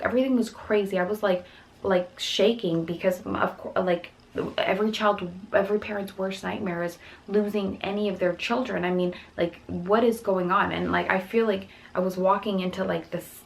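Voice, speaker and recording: A woman's voice: medium pitch, creaky, low-quality recording. A young woman and mother of four telling an upsetting story to camera, rambling with many restarts and quoted voices. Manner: rapid, rambling, full of restarts and quoted dialogue.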